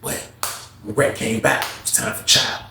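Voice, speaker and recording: A man telling a story in a casual, animated, slangy monologue, full of profanity. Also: fairly low pitch, normal speed, creaky. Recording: echoey room with faint noise.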